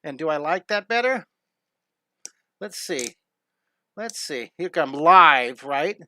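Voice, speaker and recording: A man's voice: mid-range voice, pushed and bright. A middle-aged man teaching a live drawing lesson, enthusiastic and rambling as he talks through each step and chats with viewers. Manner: enthusiastic, rambling, reads viewer comments aloud. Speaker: drawing instructor.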